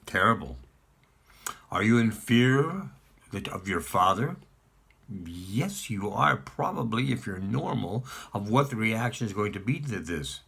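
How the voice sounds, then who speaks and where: Lively, bright-voiced rabbi giving a sermon. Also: male voice, lowish voice, unhurried, gravelly, slightly rough. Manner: storytelling, asks the listeners questions. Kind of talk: sermon with a parable.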